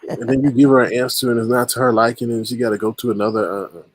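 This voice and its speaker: A man's voice: medium pitch, steady tone, very fast, dry recording, rough recording. A man hosting a casual livestream chat, talking in a sarcastic, teasing way. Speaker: livestream host.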